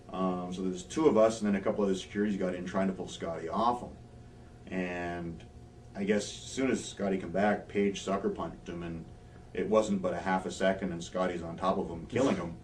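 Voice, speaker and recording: A man with a fairly low voice tells backstage stories in a dry, wry way, dipping into quick impressions of others. He sits a little off the microphone, and faint ambient hiss hangs under his words. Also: distant mic, rough recording. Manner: wry anecdotal storyteller, acts out quotes. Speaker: interviewed former pro wrestler. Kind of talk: shoot interview storytelling.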